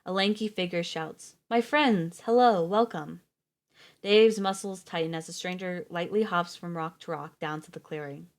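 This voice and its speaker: A woman reading a novel aloud on a live stream, steady with the odd slip and restart. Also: on the low side, moderate pace, hardly any pauses.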